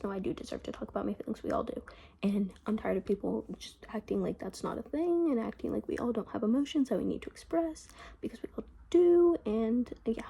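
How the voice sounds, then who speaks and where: Teen girl, creaky and husky. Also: a little high, expressive, a little fast, mellow. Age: teens. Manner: rambling, chatty, full of "like" fillers. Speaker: vlogger. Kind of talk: casual diary vlog. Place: her bedroom. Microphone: phone.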